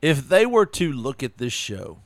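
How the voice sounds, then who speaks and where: Man, podcast co-host, drunk and giggling, slow drawl, pitch swinging wildly, dry close mic. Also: very animated, no room sound. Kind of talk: casual chat. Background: smoking a cigar at the mic.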